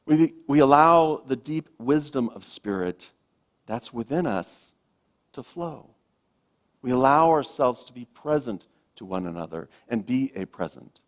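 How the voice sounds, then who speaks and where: Soft-spoken minister preaching gently. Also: male voice, medium pitch, lively intonation. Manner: gentle, reflective, with slow emphatic pauses. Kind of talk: sermon. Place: church sanctuary.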